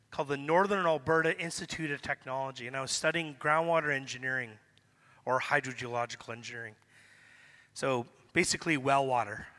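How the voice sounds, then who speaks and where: Preaching in a church hall whose long reverb fills the recording, a middle-aged man from Canada speaks in a voice on the high side, pushed and bright. His sermon is conversational and casual, and he performs the lines of a personal story.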